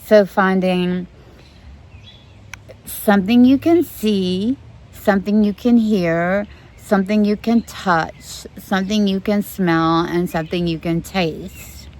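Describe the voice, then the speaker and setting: A middle-aged woman therapist giving calm instructions, gently demonstrating slow breathing, recorded outdoors in the sun with birds singing in the background. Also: medium pitch.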